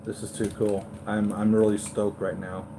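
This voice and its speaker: A man hosting a live toy unboxing, gushing and excitable, often repeating himself. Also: on the low side, normal speed, background noise. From United States. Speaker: toy collector vlogger.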